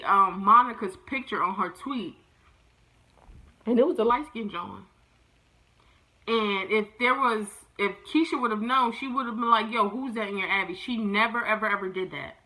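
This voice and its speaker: A young adult woman tells her viewers a casual storytime rant. Her voice is bright and forward, and she sounds exasperated and animated. She keeps turning to her audience as she talks. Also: medium pitch, low-quality recording. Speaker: vlogger.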